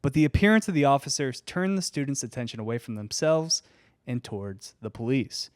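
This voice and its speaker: A man hosting a podcast, reading history notes aloud in a casual chat with dry, deadpan asides. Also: medium pitch, a little fast, no room sound. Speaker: podcast host.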